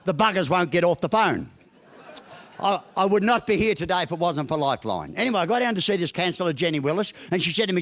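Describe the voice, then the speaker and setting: A man's voice: high voice, sing-song, fast talker, a bit bright. An Australian man in his sixties giving a motivational breakfast talk as a broad, joking storyteller with crude humour. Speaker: guest speaker. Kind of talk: motivational after-dinner talk. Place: function room at a business breakfast.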